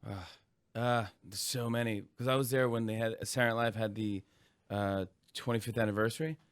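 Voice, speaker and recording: A man in his forties, a comedian guest in an interview, telling animated stories, acting out voices and laughing often. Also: lowish voice, fairly quick, clear, resonant tone. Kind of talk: casual interview chat.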